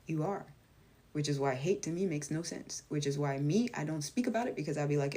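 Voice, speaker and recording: A woman's voice: a little fast, dark tone. A woman talking to her viewers in a casual spoken monologue as a vlogger and life coach, blunt and emphatic, swearing freely and acting out quoted voices. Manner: acts out quoted voices with big jumps in pitch.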